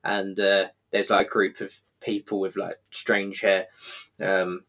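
A man casually retelling a TV episode scene by scene, rambling and halting with plenty of fillers. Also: low voice, completely flat delivery, a bit bright.

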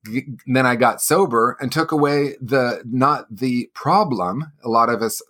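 A man's voice: medium pitch, measured pace, fairly bright tone. A man in his sixties speaking earnestly and personally as an interview guest, with occasional light laughs. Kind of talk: reflective interview answers.

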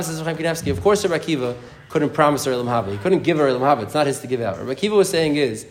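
A man teaching an informal Talmud class, telling the story in a rapid, animated way and often restarting his sentences. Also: fairly high pitch. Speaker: Torah teacher.

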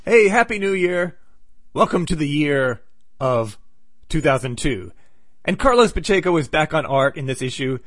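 A man's voice: a little high, lively intonation, normal speed, fairly bright tone, no echo, faint music behind. A man hosting a podcast, recapping a comic book casually with sarcastic, wry asides. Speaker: podcast host.

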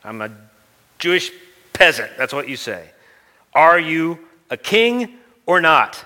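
A man's voice: mid-range voice, expressive, normal speed, sharp tone, long reverb tail. A man voicing a weary, blunt middle-aged Roman governor who talks in an impatient, sarcastic, streetwise way. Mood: exasperated.

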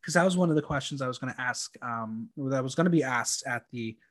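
Speaking quickly at a medium pitch, a young male podcast host recaps episodes of a reality show. The casual chat is campy and talkative, peppered with lots of ums.

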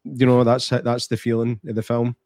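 A man's voice: medium pitch, completely flat delivery, normal speed, a little mellow, no echo, studio quality. A man co-hosting a casual chat about a film. He talks in a reflective, matter-of-fact way. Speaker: podcast co-host.

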